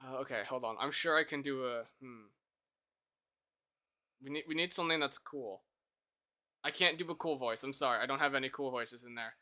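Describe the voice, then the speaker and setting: A man's voice: medium pitch, a little fast, long pauses, bright, forceful tone. A man chatting casually on a live stream while he codes, thinking aloud, laughing easily and poking fun at himself.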